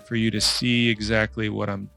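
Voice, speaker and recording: A man's voice: on the low side, flat delivery, moderate pace, gravelly, bright, forceful tone, faint music behind. A man narrating a casual drawing tutorial in a chatty, playful way, quizzing the viewer as he works. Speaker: drawing instructor.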